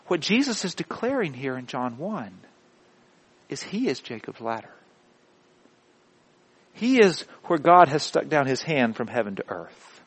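A man preaching a sermon with emphatic repeated declarations that swing between hushed and loud. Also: medium pitch, very animated, unhurried, pauses often, breathy edge, poor audio. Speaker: pastor.

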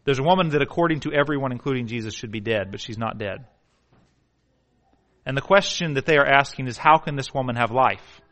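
A man preaching a sermon, firing rhetorical questions and swinging between loud emphatic bursts and hushed, slow passages. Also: medium pitch, expressive.

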